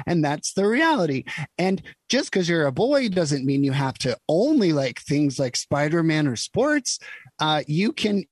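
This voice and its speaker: Gentle, reassuring parent, put on by a male podcast host, slightly high voice, dry sound. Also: slightly rough, dry recording, heavily acted. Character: gentle loving parent addressing a child.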